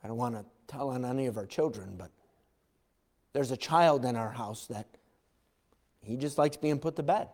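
A man preaching a sermon as a pastor. He talks with animated emphasis, shouts at times and acts out the voices of the people in his story. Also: medium pitch, moderate pace, long pauses. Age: adult parent. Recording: long hall reverb.

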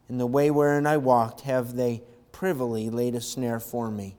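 A man preaching a sermon, reading scripture and swinging from quiet, low talk to loud, impassioned calls. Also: steady tone, normal speed, hardly any pauses, big-room sound. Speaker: pastor.

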